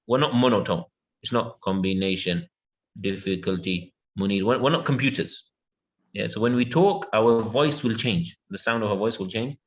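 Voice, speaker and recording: A man giving an online English lesson in an everyday mid-range voice. He talks patiently, drawing words out and filling the pauses with yeah and okay while he checks that his students follow. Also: medium pitch. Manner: patient, repeats words slowly with many yeahs and okays. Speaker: English teacher.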